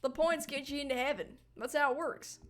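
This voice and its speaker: A woman's voice: high-pitched, brisk, slight background noise, lightly acted. A woman playing Joseph, a snarky young minister. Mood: smug. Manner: sarcastic, teasing.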